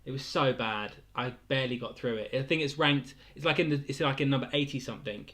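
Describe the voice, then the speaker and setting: A man's voice: medium pitch, fast, fairly bright tone. A young man casually hosting a weekly livestream quiz, rambling between questions and chuckling often. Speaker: quiz host.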